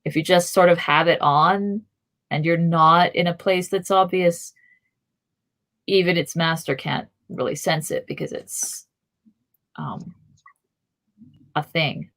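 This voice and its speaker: A woman's voice: lowish voice, slow, pauses often, a bit bright. A young adult woman co-hosting a podcast, chatting casually and thinking aloud with fillers and restarts. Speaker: podcast co-host. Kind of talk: casual chat.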